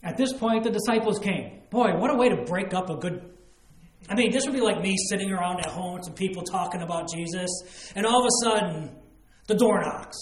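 A man's voice: high voice, brisk, echoey room. A man preaching a sermon, explaining scripture with emphatic asides and acted-out quotes. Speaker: pastor.

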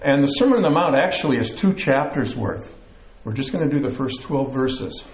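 A man's voice: medium pitch, moderate pace. Easygoing male pastor in an echoey church. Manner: relaxed storyteller, easygoing with fillers. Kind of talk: sermon with a joke opener. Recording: roomy echo.

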